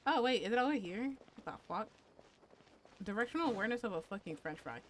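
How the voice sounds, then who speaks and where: A woman's voice: mid-range voice, sing-song, fast talker, a little hiss or hum. A woman streaming a game, chatting casually with crude, playful jokes and talking to herself. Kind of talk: casual gaming commentary.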